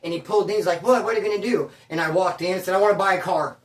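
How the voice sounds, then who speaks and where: A former prisoner from California tells casual, profane stories loaded with slang. His high voice races along, sounding distant in an echoey room.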